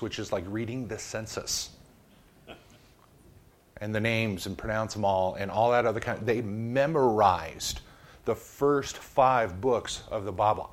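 A man preaching a casual Bible lesson, reading verses and adding humorous, conversational asides. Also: lowish voice. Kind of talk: joking Bible teaching.

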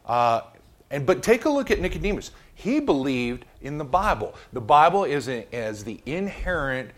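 A man's voice: on the high side, big pitch swings, normal speed. A man preaching a casual Bible lesson, reading verses and adding humorous, conversational asides. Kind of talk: joking Bible teaching.

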